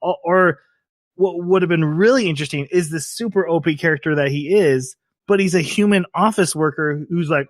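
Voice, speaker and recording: A man's voice: a little high, fairly quick, no echo. A man co-hosting a podcast, talking in a critical, thoughtful way and often laughing. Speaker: podcast co-host. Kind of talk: casual discussion.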